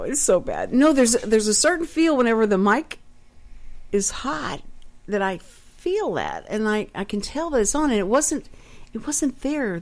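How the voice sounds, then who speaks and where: A chatty woman hosts a relaxed community radio show, her pitch swinging up and down as she laughs and jokes with her guest. She talks into a headset mic in a small studio. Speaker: radio talk show host. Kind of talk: casual radio interview.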